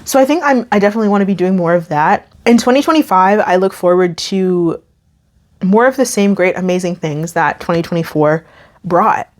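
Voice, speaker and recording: A woman's voice: lowish voice, fairly quick. A young woman YouTube creator chatting casually to camera, emphatic and often restarting her sentences. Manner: chatty, emphatic, self-interrupting.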